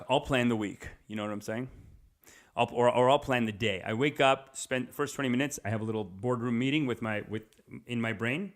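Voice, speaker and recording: A young adult man doing a rambling comedic monologue as a podcast host, jumping into quick character voices. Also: mid-range voice.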